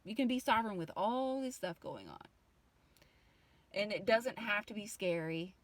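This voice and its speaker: A woman's voice: mid-range voice, animated, normal speed, no echo. Swearing, rambling woman vlogger, dry sound. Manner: emotional, rambling, frequent swearing. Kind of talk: casual rant to camera.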